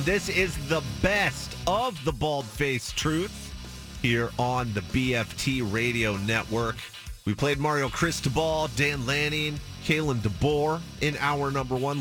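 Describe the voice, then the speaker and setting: A man hosting a sports radio show, chatting casually and telling an upbeat story from a studio. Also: mid-range voice.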